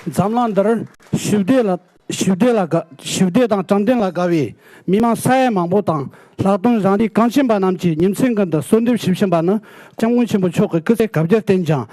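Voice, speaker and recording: A community leader, a man, speaks to the audience in a measured, formal way. His voice sits high but sounds dark and mellow. The sound is dry and close. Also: no echo.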